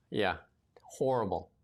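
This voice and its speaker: A man hosting a casual political talk show, rambling with many fillers. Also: on the low side. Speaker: podcast host.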